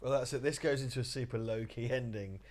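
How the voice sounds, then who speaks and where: A man's voice: medium pitch, quick pace, a little mellow. A man co-hosting a casual livestream, joking and giggling as he riffs on a film. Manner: giggly, jokey, hums a spy theme jingle. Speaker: co-host riffing on a film.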